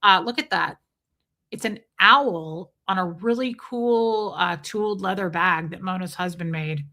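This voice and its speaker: Chatting on a casual livestream, this middle-aged woman speaks in a fairly low, sharp-toned voice without hurrying. She drifts into rambling anecdotes and reads comments out loud to reply to them.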